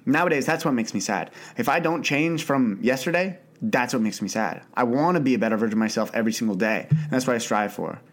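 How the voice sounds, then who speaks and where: A man's voice: medium pitch, lively intonation, fast, hardly any pauses. A young man hosting a solo podcast, talking earnestly and off the cuff with frequent restarts and the odd swear word. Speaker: podcast host. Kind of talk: unscripted solo podcast monologue.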